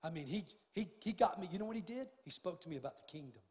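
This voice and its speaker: Talking fast with lively intonation, an older pastor delivers an impassioned sermon in a high male voice. He moves from soft, close moments to loud, pressing bursts, all echoing through a large sanctuary's long reverb.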